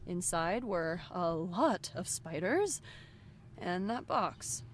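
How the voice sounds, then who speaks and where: A sarcastic, teasing young woman in a game, her pitch bouncing all over the place as she jokes. A soft hiss sits behind her voice. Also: lively intonation, slow. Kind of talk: game voice acting.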